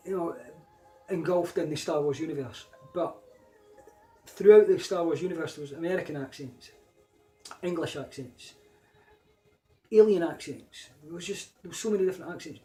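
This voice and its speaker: A man's voice: fairly high pitch, warm tone, poor audio. A man with a Scottish accent talking casually in a rambling solo vlog, full of fillers and restarts. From Scotland. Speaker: vlogger.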